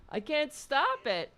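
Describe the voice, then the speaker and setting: A woman's voice: high-pitched, fairly bright tone. A woman hosting a political talk show, talking with a caller in a blunt, outspoken way, swearing freely and often restarting her sentences.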